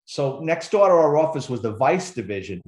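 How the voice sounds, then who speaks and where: A man who is a former police officer, telling animated, profanity-laced stories in casual conversation as a podcast guest. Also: on the high side, fairly quick, roomy sound. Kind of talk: casual storytelling.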